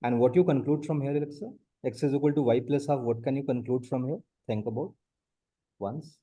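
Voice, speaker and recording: A man's voice: medium pitch, a little fast, warm tone, husky. A man tutoring math one on one, explaining step by step and repeating his points. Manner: explains step by step, repeats points, often says the student's name.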